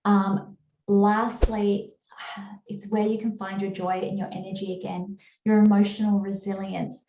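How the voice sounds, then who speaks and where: A woman's voice: level tone, a little slow, dark tone, dull audio. Upbeat Australian woman, roomy video call. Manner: chatty, upbeat sales pitch with fillers. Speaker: webinar presenter. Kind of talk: webinar presentation.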